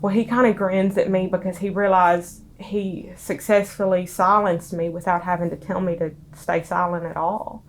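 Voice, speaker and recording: A young woman with a Southern US accent, crying as she recounts a painful memory in a halting, soft-spoken interview. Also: lowish voice, fairly even intonation, slight background noise. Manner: halting, soft-spoken, many pauses and restarts. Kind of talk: emotional personal testimony.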